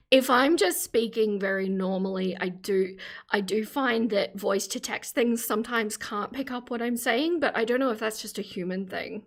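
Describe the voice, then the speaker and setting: A woman's voice: fairly high pitch, a little slow, creaky. An Australian woman hosting a live stream, chatting casually with viewers, laughing often and enunciating carefully. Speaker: livestream host.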